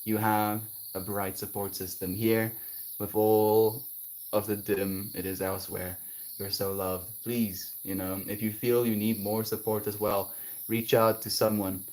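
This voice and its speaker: Soft-spoken low man streamer. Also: flat delivery, measured pace. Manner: gentle, spiritual, affectionate, breaks into high laughing bits. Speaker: livestreamer. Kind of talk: casual chat reading viewer comments.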